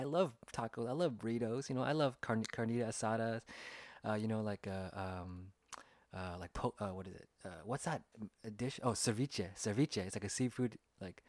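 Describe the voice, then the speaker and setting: A man's voice: fairly low pitch, no room sound. A man hosting his own podcast, telling a story in a loose, rambling way with many fillers and restarts. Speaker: podcast host. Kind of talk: casual storytelling monologue. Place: home recording in Los Angeles.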